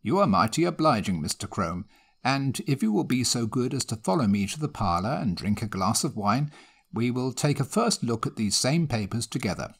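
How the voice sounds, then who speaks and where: A man's voice: medium pitch, sing-song, normal speed, husky. A man voicing an impatient, commanding country squire who speaks brusquely.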